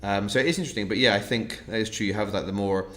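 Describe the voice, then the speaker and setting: A man's voice: on the low side, racing, fairly bright tone. Chatty man hosting a wine tasting. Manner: chatty, self-mocking, laughs often. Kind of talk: casual online tasting chat.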